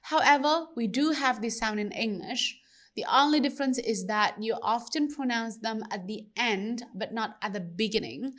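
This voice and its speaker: A woman leads a pronunciation lesson, taking her time over each sound. Her voice sits a little high, and she repeats every example slowly so learners can follow along. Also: fairly bright tone. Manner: slow, careful, demonstrates sounds by repeating them. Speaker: language teacher.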